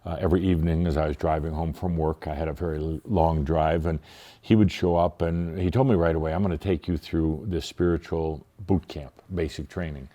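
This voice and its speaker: A middle-aged man from the United States speaks as an interview guest, recounting a personal story. His voice sits very low and sounds dark and mellow. He talks reflectively, pausing often with fillers. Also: fairly even intonation. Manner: reflective, hesitant with frequent fillers.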